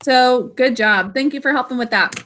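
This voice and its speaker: Over a video call, a woman with a high voice teaches an online literacy lesson, sounding out each word slowly and carefully, syllable by syllable. There is noise in the background.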